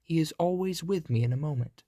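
A man voicing a gentle, trusting young woman in a storybook reading, soft and earnest. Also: on the high side, fairly quick, breathy edge, no room sound, clean studio sound, voice pushed up.

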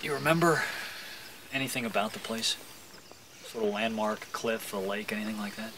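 A man's voice: lowish voice, lively intonation, normal speed, creaky, background noise. An actor playing a sad-eyed park ranger who patiently questions a lost boy in a film clip. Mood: questioning.

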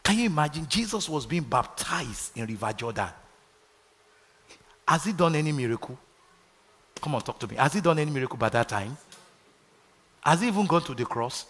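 A man's voice: on the high side, very animated, a little fast, pauses often, fairly bright tone. Nigerian man preaching in a reverberant hall. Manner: preaching with call-and-response to the congregation. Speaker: pastor. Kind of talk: sermon. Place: large church hall.

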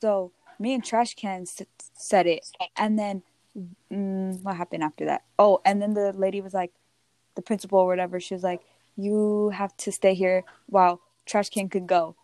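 A teenage girl telling a story in casual chat, animated and often laughing as she quotes others. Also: mid-range voice, normal speed, no echo. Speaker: podcast co-host.

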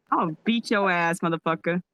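A woman's voice: fairly low pitch, a bit bright, no echo. A woman in a casual online group voice chat who is brash, swears, and makes playful threats.

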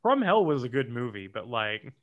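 A man's voice: mid-range voice, big pitch swings, moderate pace, highs cut off. A man in casual podcast banter, making dry jokes. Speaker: podcast co-host. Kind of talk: casual chat.

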